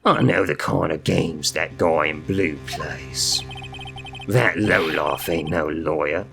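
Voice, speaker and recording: A gruff, bellowing loan-shark thug from a video game, put on by a man. He barks in an exaggerated Brooklyn drawl, the voice gravelly and low underneath. Tough-guy slang runs through every line. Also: slow, music in the background, heavily acted. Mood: threatening. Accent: put-on Brooklyn gangster. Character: brash loud male loan-shark gangster.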